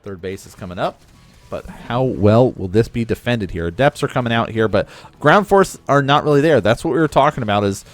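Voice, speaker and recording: A man's voice: medium pitch, animated, brisk, faint music behind. A man giving casual play-by-play commentary on a real-time strategy match, explaining the strategy as he goes. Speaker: game caster.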